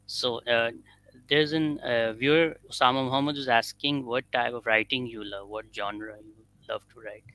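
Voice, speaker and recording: A man's voice: medium pitch, steady tone, normal speed, a bit bright, dry recording, poor audio. A man hosting an interview, speaking to his audience with enthusiasm as he praises the guest and reads out a viewer's question. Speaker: host.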